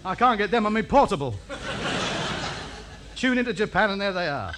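A pompous radio-ham lodger. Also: male voice, high voice, sing-song, moderate pace, noisy background. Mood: chattering. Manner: pompous, indignant, chattering. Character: pompous, self-important male radio hobbyist lodger. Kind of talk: radio comedy acting.

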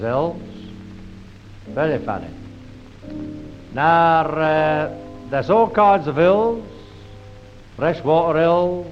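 Man putting on a pompous Cockney zoo keeper. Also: a little high. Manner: pompous, repetitive lecturing. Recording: muffled old recording with faint music.

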